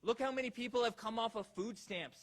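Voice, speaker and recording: A man's voice: extremely high pitch, brisk, fairly bright tone. A man giving a rousing campaign rally speech, firing off repeated rhetorical questions at the crowd. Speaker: political rally speaker.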